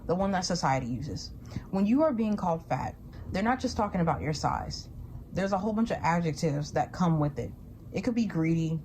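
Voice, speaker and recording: Low-voiced woman giving commentary. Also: a little mellow, a little hiss or hum. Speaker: commentary host. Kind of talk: opinion commentary.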